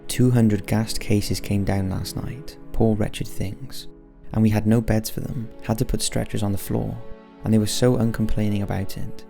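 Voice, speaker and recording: A man giving solemn scripted narration of wartime letters, slow and grave in manner, with soft music underneath. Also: on the low side, little pitch movement, creaky. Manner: slow, grave, measured delivery.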